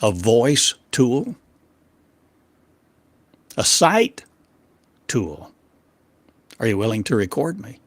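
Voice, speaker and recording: Acting as a spiritual teacher, a man delivers a channeled sermon, declaiming rhetorical questions in short, broken phrases that swing from loud emphasis to quiet, low drops. He speaks very slowly with big pitch swings and frequent pauses, and there's no room sound.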